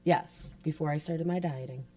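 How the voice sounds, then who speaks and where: A woman's voice: low voice, fairly even intonation, mellow. A woman in a casual podcast chat, chiming in and laughing, telling a short personal story. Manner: quick to chime in and laugh.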